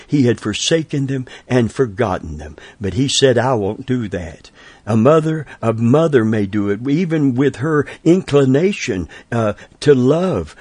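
A man's voice: medium pitch, darkish tone, husky, no echo. A man preaching a sermon in an emphatic style, repeating phrases and building to strong emphasis. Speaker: pastor.

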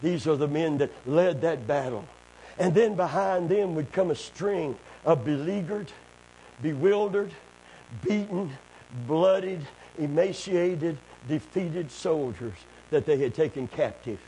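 A man preaching a sermon, calling for amens and building up to shouting. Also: a little high, unhurried, slight background noise. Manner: call-and-response, building to shouting.

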